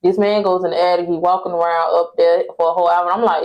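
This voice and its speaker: Young woman, vlogger, exasperated storytime rant to viewers, lowish voice, muffled phone audio. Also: little pitch movement, fast. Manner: exasperated, venting, talks straight to viewers. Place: at home indoors.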